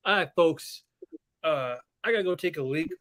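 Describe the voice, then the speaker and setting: A man's voice: fairly high pitch, normal speed, a bit bright. A man hosting a casual podcast, talking loosely and jokingly to viewers. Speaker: podcast host. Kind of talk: casual chat.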